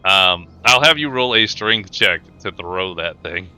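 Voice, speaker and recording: Guy dming a tabletop game, super bright crisp voice, kinda low. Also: unhurried, soft background music. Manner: casual, animated narration with fillers. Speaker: game master.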